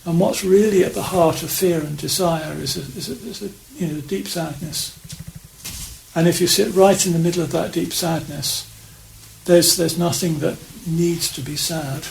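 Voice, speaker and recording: A man giving an unscripted Dharma talk as a Zen priest, reflective and halting, with many restarts and fillers. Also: on the high side, fairly even intonation, creaky, a little mellow. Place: meditation hall of a priory. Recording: echoey room with faint hiss.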